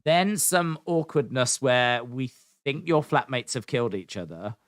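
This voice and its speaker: Man, podcast co-host, rambling and self-deprecating, dry close mic, mid pitch. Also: animated, measured pace, no room sound. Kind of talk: casual podcast chat.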